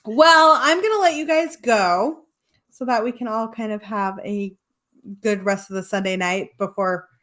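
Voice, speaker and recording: A woman's voice: medium pitch, unhurried, fairly bright tone. A young adult woman hosting a casual podcast chat, chatty and laughing often. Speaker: podcast host.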